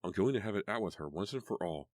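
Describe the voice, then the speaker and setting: A man reading an audiobook, voicing an upset, angry teenage girl in a high, agitated voice. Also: animated, fast, a little mellow, no room sound, clean studio sound. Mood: furious. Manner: shrill and agitated.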